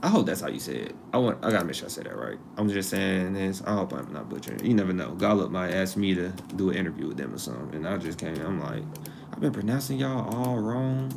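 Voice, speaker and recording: A man's voice: deep voice, lively intonation, fast, gravelly, few pauses, background noise. A man hosting a live stream, talking in a loose, conversational way, drifting off topic and repeating himself for emphasis. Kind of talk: casual live-stream talk.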